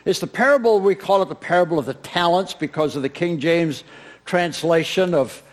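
A man preaching a sermon, retelling a parable as an animated storyteller who acts out its characters with humor. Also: on the high side, normal speed. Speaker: pastor.

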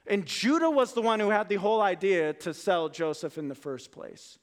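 A man with a notably high voice preaches a lively sermon before a congregation and reads scripture aloud. His delivery is casual and conversational. It swings from soft, hushed asides to loud, emphatic peaks. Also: normal speed. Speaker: pastor. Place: room with a live congregation.

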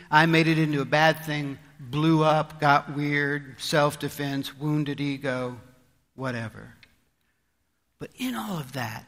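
A man's voice: a little high, a bit bright, long reverb tail. A male pastor preaching a sermon in an earnest, conversational way, often asking his listeners rhetorical questions.

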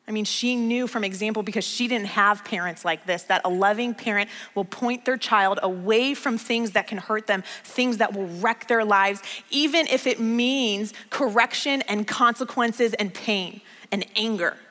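A woman's voice: medium pitch, normal speed, hardly any pauses, sharp tone, long reverb tail. A woman pastor giving a conversational sermon, telling stories and repeating key lines for emphasis. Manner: storytelling, emphatic repetition.

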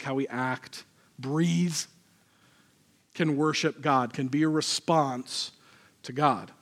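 A man's voice: sits high, fairly bright tone. A man, a pastor, preaching a sermon in a conversational, self-deprecating way.

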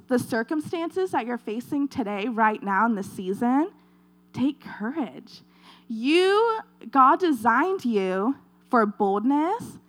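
A woman giving an earnest devotional talk, retelling a scripture story in a conversational preaching style and repeating her points. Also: a little high.

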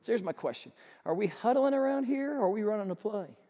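Animated pastor preaching in a reverberant hall. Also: male voice, high voice, quick pace. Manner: animated, acts out excited fans. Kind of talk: sermon. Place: church sanctuary. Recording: long church reverb.

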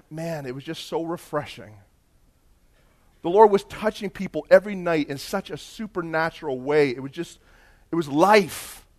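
A man preaching a sermon, telling a story and rising into loud emphatic bursts. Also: fairly high pitch. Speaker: pastor.

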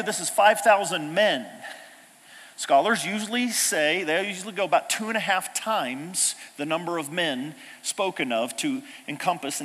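A man preaching a sermon as pastor, animated, swinging between loud exclamations and hushed asides. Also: on the high side. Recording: long reverb of a large hall.

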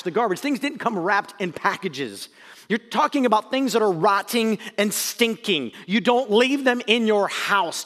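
A male pastor preaching a sermon in a conversational, animated way, swinging between loud emphasis and quiet asides in a church sanctuary. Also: high-pitched. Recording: long hall reverb.

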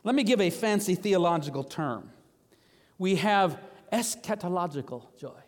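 A man preaching a sermon as pastor, animated and emphatic, with sudden rises in pitch on key words. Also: moderate pace. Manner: animated preaching, rising to high emphatic bursts. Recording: long hall reverb.

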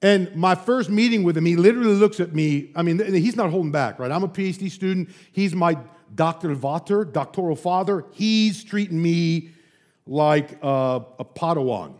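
Brief: preacher with a high voice, lively storyteller, chatty asides. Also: male voice, moderate pace. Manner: animated storytelling, frequent asides. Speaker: pastor. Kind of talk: sermon.

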